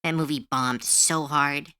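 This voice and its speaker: A woman's voice: low voice, fairly even intonation, a little slow, bright, forceful tone, clean tone, no echo. A woman streamer chatting casually while she draws, ranting heatedly and swearing freely. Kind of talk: casual livestream chat while drawing. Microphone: close to a desk mic.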